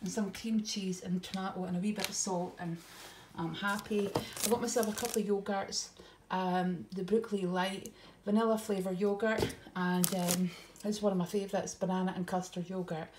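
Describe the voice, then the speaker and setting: Steady in tone at normal speed with few pauses, a middle-aged woman with a medium-pitched voice vlogs about her grocery haul. She's casual and homely, says um often, and sounds a bit out of breath, recorded in an echoey room with faint noise.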